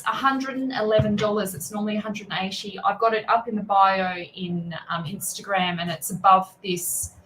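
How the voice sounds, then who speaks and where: A woman's voice: mid-range voice, fairly bright tone, slight background noise, rough recording. A woman tarot reader and spiritual mentor chatting casually on a livestream, greeting viewers by name and often restarting her sentences.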